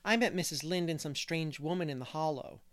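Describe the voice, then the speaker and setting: A man's voice: fairly high pitch, fairly quick, a bit bright, no echo, close to an everyday voice. A man voicing a chatty, cheerful little boy who talks bluntly, in a dry audiobook reading.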